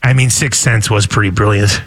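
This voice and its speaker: A man hosting a morning radio show, joking and chatting with quick asides. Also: fairly low pitch, steady tone, a bit bright, slightly rough. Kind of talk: casual radio banter.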